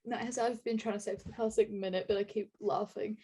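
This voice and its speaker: A woman's voice: mid-range voice, steady tone, fast talker, dark tone, husky. An Australian woman co-hosting a podcast over a video call, giggly and sarcastic in casual chat. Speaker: podcast co-host.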